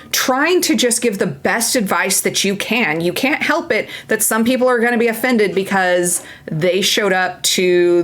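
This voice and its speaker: A woman's voice: medium pitch, a bit bright. A woman narrating as game master of a tabletop game, chatty and playful, with many fillers and restarts.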